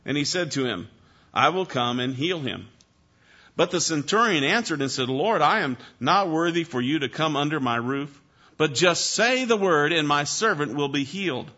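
A man's voice: fairly high pitch, expressive, normal speed, sharp tone, lo-fi sound. A man preaching a sermon, emphatic, repeating key phrases and putting questions to his listeners. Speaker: pastor.

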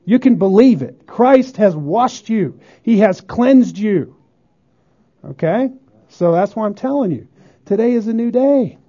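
A pastor preaching a sermon emphatically, often asking the congregation whether they agree. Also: male voice, sits high, lively intonation, a little slow, dark tone. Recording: dull lo-fi sermon recording.

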